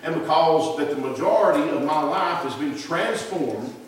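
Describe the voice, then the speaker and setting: Southern preacher guy, middle aged, folksy and rambling, kinda high voice, super echoey church, mic far away. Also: animated, moderate pace. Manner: folksy, rambling, self-deprecating. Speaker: pastor. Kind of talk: sermon. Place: church sanctuary.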